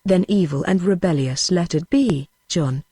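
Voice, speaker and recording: A woman's voice: fairly low pitch, a little slow, warm tone, husky, dry recording. A synthetic woman's voice reading the lines of a grieving, feverish mother who is bitter and foresees doom, with no change of voice.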